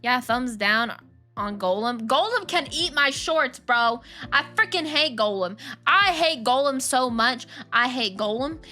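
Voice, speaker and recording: A young woman streams a game and chats casually, ranting with slang and laughter. Her high, expressive voice has a sharp tone and moves at a measured pace, with faint music playing behind her.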